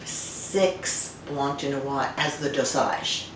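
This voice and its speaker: A woman winemaker being interviewed, telling stories and remembering in a warm, conversational way. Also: very deep voice, slow. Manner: warm storytelling, reminiscent. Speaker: winemaker guest. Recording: roomy, distant, faint noise.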